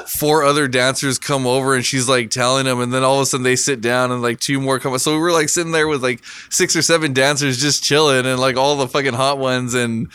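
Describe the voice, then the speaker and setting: A man's voice: medium pitch, steady tone, brisk, hardly any pauses, fairly bright tone, smooth, no echo. A man telling a crude, laid-back story in a casual podcast chat.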